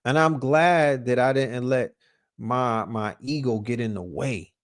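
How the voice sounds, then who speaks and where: A man from Brooklyn with a New York accent, hosting a podcast and telling stories in a casual, profane, animated way, often restarting his words. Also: medium pitch, a little slow, dry recording, studio quality. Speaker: podcast host. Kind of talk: casual storytelling.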